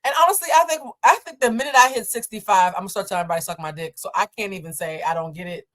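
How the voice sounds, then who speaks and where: A woman's voice: medium pitch, very fast, fairly bright tone. A woman from Boston hosting a live stream, reacting bluntly and profanely to a viral clip and laughing often. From Boston, USA.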